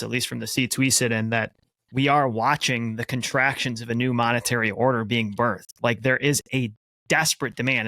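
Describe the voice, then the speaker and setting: A man's voice: mid-range voice, bright, forceful tone, dry recording. A man co-hosting a podcast, responding earnestly in casual conversation. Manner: earnest, reads a quoted passage aloud. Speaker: podcast co-host.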